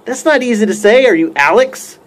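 A man's voice: high voice, animated, a little fast. A man talking casually to camera in a joking mock roast, rambling with many fillers and restarts. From United States. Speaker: YouTube pipe-smoking vlogger.

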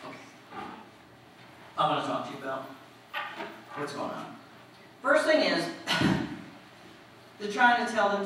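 A woman preacher giving a lively storytelling sermon, asking the congregation questions as she goes. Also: medium pitch, slow, pauses often. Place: church. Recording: echoey hall, distant mic, faint noise.

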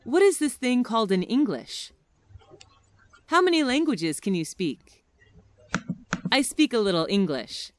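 A woman reading short everyday English phrases one by one for listening practice, with careful, expressive enunciation. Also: on the high side, unhurried, long pauses, a little hiss or hum.

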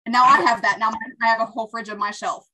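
A woman guest on a podcast, telling quick lively anecdotes in casual chat. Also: on the high side, low-quality recording. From Long Island, New York area.

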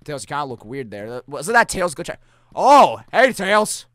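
A man hosting a let's-play reaction, jokey and excitable, breaking into shouts. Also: on the high side, moderate pace, dry recording. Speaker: gaming channel host.

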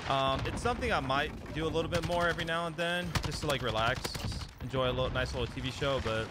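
A man's voice: a little high, fast, heavy background noise. A young man streaming a shooter game, trash-talking and repeating catchphrases as he plays. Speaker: gaming streamer. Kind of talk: live gameplay commentary. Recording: loud gunfire from the game behind. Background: shooter game gunfire and explosions.

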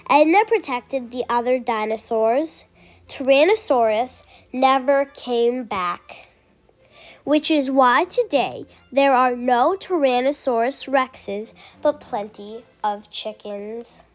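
High-voiced woman reading a picture book. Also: lively intonation, slow pace, faint music behind. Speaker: storyteller. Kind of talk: children's book read-aloud.

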